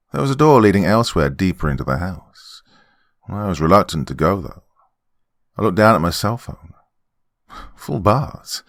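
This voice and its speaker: A man narrating a first-person horror story in a measured, dramatic way. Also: sits low, fairly bright tone, no echo, studio quality. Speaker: horror podcast host and narrator.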